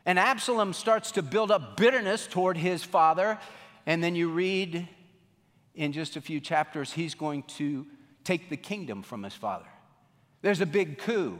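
A male pastor preaching a sermon, swinging between emphatic raised lines and hushed low drops. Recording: long hall reverb.

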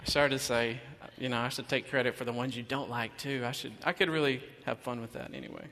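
A man's voice: mid-range voice, fairly even intonation, quick pace, bright, forceful tone, a little hiss or hum. Folksy man preaching. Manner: folksy, self-deprecating, chatty. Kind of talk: sermon with storytelling. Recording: long reverb of a church hall.

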